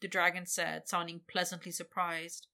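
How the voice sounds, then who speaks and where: A woman reading an adult story aloud as narrator in a steady, intimate manner. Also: fairly low pitch, normal speed, creaky.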